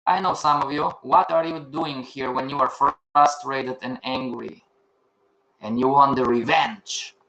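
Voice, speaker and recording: A man's voice: medium pitch, fairly even intonation, a little slow, pushed and bright, highs cut off. An older man teaching a live online class, firing questions at the students and answering them himself. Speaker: trading instructor. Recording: echoey room.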